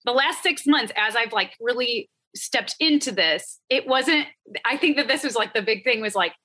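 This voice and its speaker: A woman's voice: fairly high pitch, animated, moderate pace, sharp tone, breathy edge. A woman talking about her work as a productivity coach in a casual podcast interview, with lots of filler words. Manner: chatty, frequent "like" fillers.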